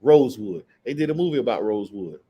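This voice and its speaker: A man leading a casual scripture study, talking loosely and reading Bible verses slowly and deliberately. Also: lowish voice, lively intonation, warm tone, a little hiss or hum. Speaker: Bible teacher.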